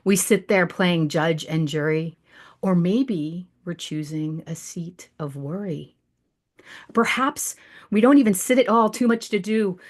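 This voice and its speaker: A woman reading her own rhyming devotional poem slowly and softly over a video call. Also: on the low side. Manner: slow, hushed rhyming recitation. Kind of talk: recited devotional poem, then casual chat.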